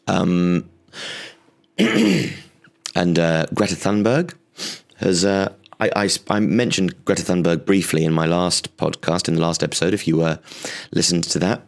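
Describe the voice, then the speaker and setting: A man's voice: low voice, measured pace, creaky, pauses often. A man hosting a comedy podcast, rambling and facetious in a solo monologue.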